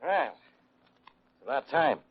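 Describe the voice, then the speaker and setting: An actor playing a hectoring, blustering police inspector in a 1940s radio drama. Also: male voice, mid-range voice, sing-song, slow, a little hiss or hum. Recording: dull old radio recording.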